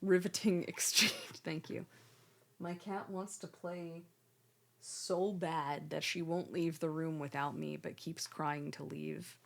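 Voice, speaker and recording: Young woman streamer, unhurried, gravelly fry, coos at her cat. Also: deep voice, flat delivery, fairly bright tone. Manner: cooing baby-talk to her cat. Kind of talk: casual stream chat.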